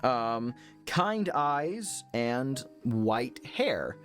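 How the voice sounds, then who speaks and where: A man's voice: medium pitch, very animated, drawn-out words, a bit bright, soft background music. Rambling man running a tabletop game. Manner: rambling, lots of ums and likes. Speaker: game master. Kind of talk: narrating a tabletop horror game.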